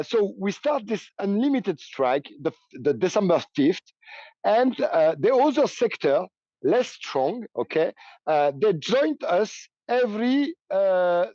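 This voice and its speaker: A man from France with a French accent, a union train operator speaking haltingly in English as a remote interview guest. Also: high-pitched, a little mellow, no room sound, lo-fi sound. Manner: halting, many fillers, laughs often. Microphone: call-in line.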